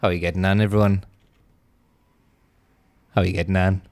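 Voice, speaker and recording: A young Irish man rambling through sweary deadpan jokes while commentating on a game he plays. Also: low voice, a little fast. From Limerick, Ireland. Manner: meandering, sweary, deadpan riffing. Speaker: gaming streamer. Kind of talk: rambling comic commentary over gameplay.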